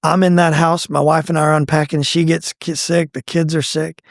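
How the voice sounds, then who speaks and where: A middle-aged man telling his own faith testimony in a conversational, animated way, acting out what people said. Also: normal speed, vocal fry, no echo, clean studio sound. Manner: animated, acts out quoted lines with pitch jumps. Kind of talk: conversational storytelling.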